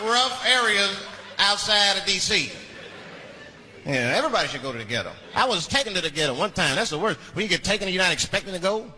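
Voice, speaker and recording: A man's voice: high voice, noisy background. A man doing stand-up comedy on stage, telling stories with profanity and acted-out dialogue. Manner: animated, profane, acts out phone calls. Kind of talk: stand-up storytelling.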